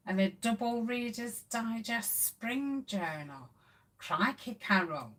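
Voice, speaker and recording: Lady chatting on a craft livestream, slow and rambly, lots of ums, bright voice. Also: on the high side, lively intonation. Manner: chatty, reads out viewer comments warmly with many ums. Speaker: craft channel host. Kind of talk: casual live-stream chat.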